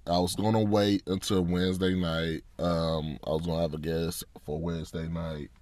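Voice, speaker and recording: A man's voice: low-pitched, level tone, normal speed, a little mellow, no room sound. A man hosting a casual sports talk podcast, sounding congested and fatigued, frank and frustrated. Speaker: podcast host.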